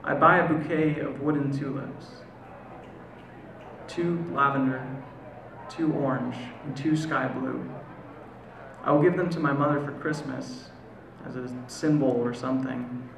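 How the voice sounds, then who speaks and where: An American man recites his poem live in a gravelly voice, pausing to let lines land. The room around him is echoey, with a faint hum of ambience underneath. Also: medium pitch, fairly even intonation. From United States. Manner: measured, deliberate delivery with slow, lingering pauses. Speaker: poet. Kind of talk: spoken word poetry performance. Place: live performance venue.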